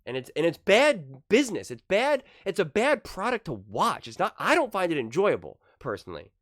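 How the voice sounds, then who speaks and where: A man's voice: high-pitched, wildly swooping pitch, moderate pace, fairly bright tone, no room sound, clean studio sound. A man hosting his own sports commentary channel, arguing his points emphatically and repeating key words for stress. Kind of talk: solo sports opinion commentary.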